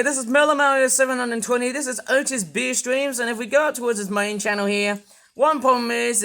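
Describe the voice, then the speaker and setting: A man's voice: high voice, bright, forceful tone. A man reviewing toys in a casual, rambling vlog, circling back on filler words and drifting into a grumbling rant. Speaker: toy reviewer.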